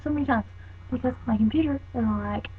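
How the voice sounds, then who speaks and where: A woman's voice: a little high, brisk. A teenage girl chatting casually in a webcam vlog, rambling with lots of "like" and "um". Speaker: vlogger. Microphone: built-in computer mic. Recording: tinny lo-fi webcam audio with faint hiss.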